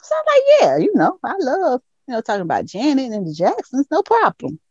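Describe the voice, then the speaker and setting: A woman co-hosting a podcast, telling a story in an animated way with lots of laughter and quoted voices. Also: high-pitched, a little fast, slightly rough, no room sound, dull audio. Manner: animated storytelling, laughs often, lively quoting. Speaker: podcast co-host. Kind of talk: casual chat. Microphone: headset.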